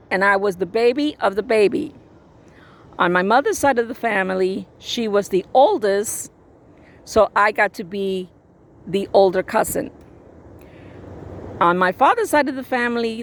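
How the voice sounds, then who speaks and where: A woman telling a personal story in a blunt, sassy, animated way. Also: mid-range voice. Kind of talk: casual storytelling.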